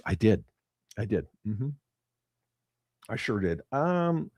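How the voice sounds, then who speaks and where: A man hosting a casual livestream, reading viewer comments aloud and reacting bluntly with lots of swearing, his voice swinging from loud outbursts to muttered asides. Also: lowish voice, sing-song, slow pace, long pauses, no room sound, clean studio sound. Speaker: livestream host.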